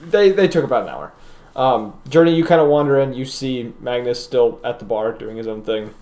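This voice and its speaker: A man narrating as game master in a casual tabletop session, laid-back and quick to laugh. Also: mid-range voice, a little mellow.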